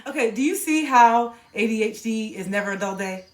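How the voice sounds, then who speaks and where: Playful female streamer, casual chat to viewers, animated, goofy sound bits, echoey room. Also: fairly high pitch, moderate pace. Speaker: livestream host talking to chat.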